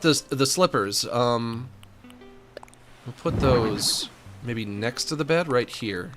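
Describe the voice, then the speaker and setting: A man's voice: medium pitch, takes it slowly, a bit bright, soft background music. A man streaming a video game, chatting casually to himself and the characters as he decorates a room. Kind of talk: casual gameplay commentary.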